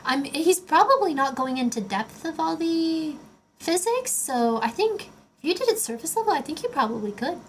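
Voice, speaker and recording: A woman's voice: sits high, lively intonation, moderate pace, a little hiss or hum. A young woman livestreaming casually, rambling and chatty with lots of filler words while she builds a Lego set and answers chat. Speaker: streamer.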